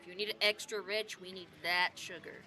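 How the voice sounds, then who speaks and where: A woman's voice: medium pitch, level tone, a little fast, natural voice. A woman voicing a burly half-orc baker father who frets and explains about his sugar. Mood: worried. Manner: fretful, explaining.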